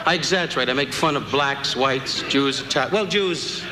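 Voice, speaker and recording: Mocking insult comic, roomy noisy archive. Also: male voice, medium pitch. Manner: rapid-fire, mocking, theatrical asides. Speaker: stand-up comedian. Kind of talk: insult comedy roast. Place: live show venue with audience. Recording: roomy archive clip with loud noise.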